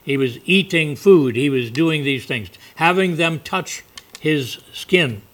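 A man's voice: a little high, lively intonation, slow pace, fairly bright tone. A male preacher giving a folksy, conversational sermon with asides.

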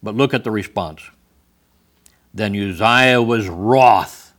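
Man, preacher, sermon, bright tone, wry asides, swings from loud to hushed. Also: lowish voice, takes it slowly, pauses often. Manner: reads scripture aloud in old-fashioned wording, then comments with wry humor.

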